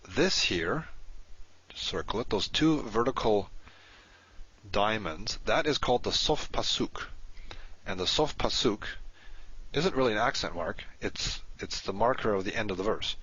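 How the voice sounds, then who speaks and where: A man's voice: on the low side, pushed and bright, husky. A man teaching from a recorded lesson, methodical and patient, repeating terms as he points them out. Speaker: Hebrew teacher in recorded module. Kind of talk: explanatory teaching with screen annotation. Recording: dull lo-fi audio.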